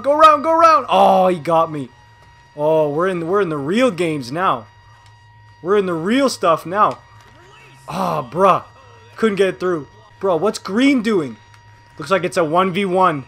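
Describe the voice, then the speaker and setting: A young man giving live gameplay commentary, excitable and trash-talking, swinging between low muttering and sudden yelling. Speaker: gaming video host.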